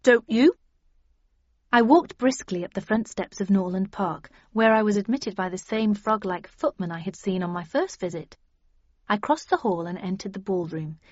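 A woman narrating a story in an even, wry first-person reading. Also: mid-range voice, normal speed, dry recording. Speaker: audiobook narrator. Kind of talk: scripted narration. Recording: dull dry lo-fi audio.

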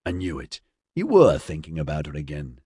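A man's voice: a bass voice, wildly swooping pitch, moderate pace, warm tone, slightly rough, no echo, clean studio sound, voice pushed down, exaggerated voice. A man voicing a brash young man who teases and mocks his friend in a storybook reading. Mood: teasing. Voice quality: mocking.

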